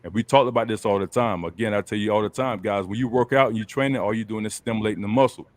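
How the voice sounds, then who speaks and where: Man, host, low-pitched, colloquial, coaching tone, casual video call chat. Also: quick pace, no echo.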